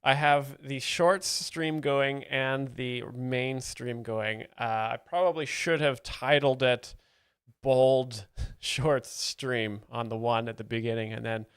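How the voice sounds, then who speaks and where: A man's voice: medium pitch, steady tone, slow, fairly bright tone, smooth, no room sound. A man hosting a livestream, chatting and laughing as he explains a comedy clip, on a close mic. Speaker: host reacting to a comedy clip. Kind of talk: livestream commentary.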